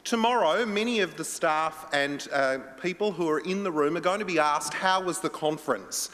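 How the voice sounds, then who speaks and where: A man's voice: a little high, moderate pace, fairly bright tone. A man moderating a conference panel in an upbeat, playful way. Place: large conference hall. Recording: long hall reverb.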